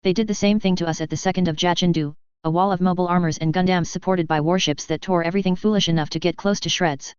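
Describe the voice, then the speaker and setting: A man's voice: sits high, steady tone, quick pace, few pauses, smooth, no room sound, natural voice. A narrator voicing a brash, sardonic male mercenary commander in a spoken fan story, with a dull, lo-fi sound. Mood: cocky. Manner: cocky and sardonic. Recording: dull lo-fi dry audio.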